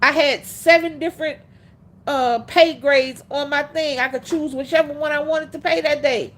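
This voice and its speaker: A woman hosting a livestream, telling stories in a casual, animated way, laughing often and speaking bluntly. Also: high voice, normal speed. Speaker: livestream host.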